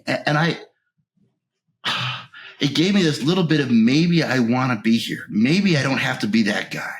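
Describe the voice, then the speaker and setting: This interview guest recounts his recovery with raw emotion and an expressive delivery at a moderate pace. When the anger comes back his voice rises, and at the lowest points it sinks almost to a whisper.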